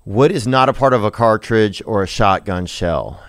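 A man's voice: on the low side, moderate pace, fairly bright tone, no echo, studio quality. A man hosting a podcast, asking rambling, playful questions in a casual interview. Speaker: podcast host.

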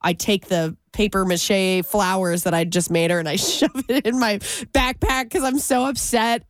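A woman co-hosting a radio show, telling a story in casual chat and acting out the quotes in a higher voice. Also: moderate pace, no echo. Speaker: radio co-host.

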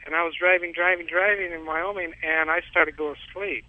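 A man's voice: a little high, steady tone, fairly quick, a little hiss or hum. Rambling man on a phone line. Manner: rambling storyteller, chuckles often. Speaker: caller. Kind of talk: phone-in radio call. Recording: tinny phone line, dry.

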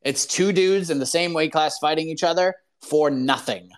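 A man hosting a live call-in show, ranting in an animated, opinionated way full of "like" fillers. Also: a little high, moderate pace. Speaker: podcast host.

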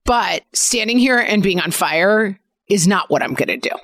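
A woman's voice: mid-range voice, animated, normal speed, a bit bright, dry recording, studio quality. A woman in her forties co-hosting a podcast, chatting casually and telling stories from home. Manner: conversational, storytelling about parenting. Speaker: podcast co-host.

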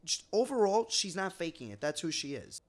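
A woman's voice: on the low side, very animated, fairly quick. Gushing woman on a podcast. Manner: enthusiastic, gushing. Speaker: podcast co-host. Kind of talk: casual chat.

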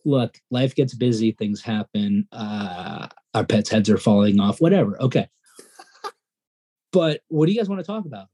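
Male co-host, excitable, rambling talker, mellow husky tone. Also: fairly low pitch, normal speed. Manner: excitable, rambling, self-deprecating. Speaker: podcast co-host. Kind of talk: casual podcast chat.

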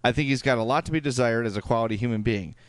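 A man's voice: medium pitch, rapid-fire, dry recording. A man with a Chicago accent co-hosting a podcast, chatting casually and reading out listener emails, with fillers and restarts. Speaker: podcast co-host.

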